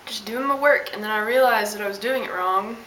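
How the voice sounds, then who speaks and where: A woman's voice: mid-range voice, a little fast, a bit bright. A young woman telling an exasperated, sassy story as a casual vlog rant. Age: young adult. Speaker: vlogger. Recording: roomy, distant mic with hiss.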